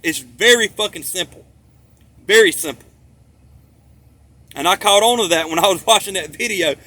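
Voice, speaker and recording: In a rambling monologue, a man with a high, bright, sharp-edged voice drives his points home with profanity and repetition, circling back to the same phrases again and again. He talks at a normal speed, emphatic throughout.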